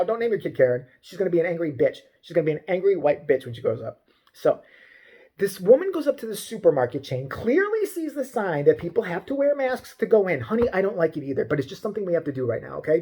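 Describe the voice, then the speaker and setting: A man's voice: high voice, husky. A man doing a profane, exasperated comedic rant as a vlogger, talking to his camera. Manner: ranting, foul-mouthed, animated, exasperated.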